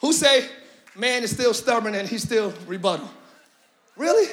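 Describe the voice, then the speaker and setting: Male preacher, high voice, bright, shouting, slangy and joking with the church. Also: lively intonation, normal speed. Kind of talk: sermon.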